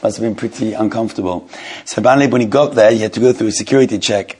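A man teaching an informal religious class, speaking haltingly with repeated words and Hebrew terms. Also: lowish voice, a little mellow, slightly rough. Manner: halting and repetitive, often restarts phrases; mixes Hebrew and Yiddish terms into English.

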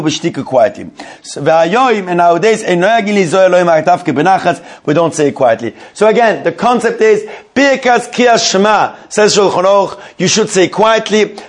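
A man with a bright, high voice leads a Torah study class. He reads a legal text aloud phrase by phrase and translates each line. He keeps the group engaged with questions and quick praise.

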